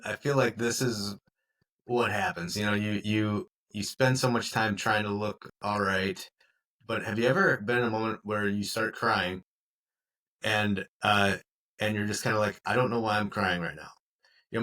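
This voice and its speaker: A man's voice: lowish voice, fairly bright tone. A man co-hosting a podcast in casual chat, speaking openly and reflectively about his feelings. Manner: open, reflective, candid about emotions. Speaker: podcast co-host.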